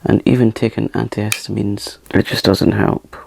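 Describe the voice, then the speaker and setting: A man hosting a makeup channel, talking softly through a tutorial in a chatty, self-mocking way and sometimes dropping into a whisper. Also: lowish voice, level tone, moderate pace, creaky, husky, no room sound. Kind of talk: soft-spoken makeup tutorial.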